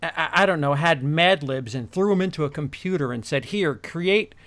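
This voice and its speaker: A man hosting a casual online chat, talking in halting bursts with many restarts and repeated words. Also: a little high, fairly bright tone. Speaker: podcast host.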